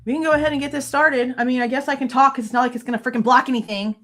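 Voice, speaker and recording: A woman's voice: sits high, fairly even intonation, racing, a bit bright. A woman in her thirties hosting a true crime livestream, venting angrily with frequent swearing in casual commentary.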